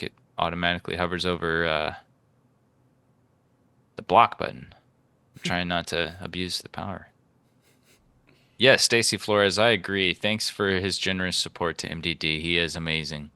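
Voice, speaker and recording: A man's voice: low-pitched, fairly even intonation, normal speed, pauses often, bright, forceful tone, clean tone, no room sound. A man moderating a live-streamed debate, reading out donations and joking with the guests in a teasing, casual way.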